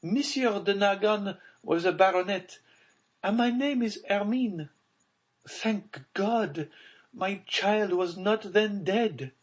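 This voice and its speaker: A man putting on a distraught, high-pitched noble mother. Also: slow pace. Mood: pleading. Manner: high, trembling, anguished pleading.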